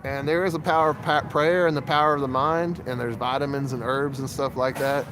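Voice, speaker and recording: A man's voice: mid-range voice, steady tone, fairly quick, background noise. A man chatting casually to his livestream viewers, rambling from topic to topic, recorded on a phone outside. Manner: rambling, talks to chat.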